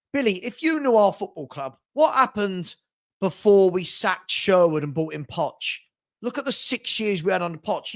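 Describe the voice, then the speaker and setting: Man, from England, high voice, conversational, football chat host. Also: fairly bright tone. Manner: conversational, argues with viewers' comments. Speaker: host, Spurs fan.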